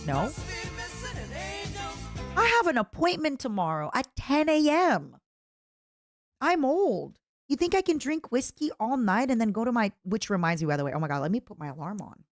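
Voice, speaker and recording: A woman streamer chatting casually and reacting to clips, excitable and playful, squealing over cute things. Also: on the high side, moderate pace, pauses often, no echo, soft background music.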